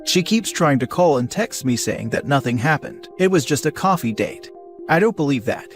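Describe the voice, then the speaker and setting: A man reading an online post aloud as a story, with a steady, even delivery. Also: on the high side, normal speed, faint music behind. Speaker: narrator.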